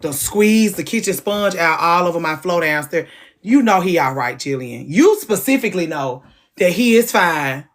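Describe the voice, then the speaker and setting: A woman's voice: on the low side, animated, moderate pace. A woman, chatting casually on a livestream and pleading with her pet between remarks to viewers. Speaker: livestream host.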